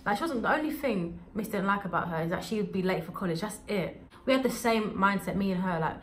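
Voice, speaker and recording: A young adult woman telling a storytime vlog in an animated, slangy way. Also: mid-range voice, fast, slight background noise. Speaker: vlogger.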